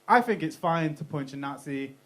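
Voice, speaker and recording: A man's voice: a little high, lively intonation, normal speed, a bit bright. A young British man performing a stand-up comedy set in a club, talking casually, swearing freely and laughing at his own jokes. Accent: British English.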